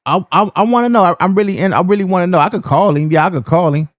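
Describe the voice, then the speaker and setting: A man's voice: high voice, racing, no echo, studio quality. A man hosting a reaction video, talking straight to his viewers in a casual way and often stammering and repeating himself. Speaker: reaction channel host.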